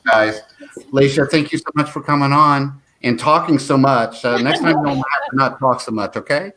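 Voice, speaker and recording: A man hosting a talk show, speaking in a halting, easygoing way with many fillers. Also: mid-range voice, fairly bright tone, slight background noise, poor audio. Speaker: host. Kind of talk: casual chat.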